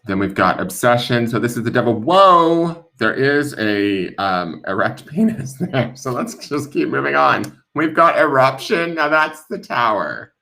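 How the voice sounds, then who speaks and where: A man's voice: mid-range voice, expressive, moderate pace, vocal fry, hardly any pauses, sharp tone. A man hosting a casual tarot deck unboxing stream, playful and joking as he goes. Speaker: tarot reader and channel host.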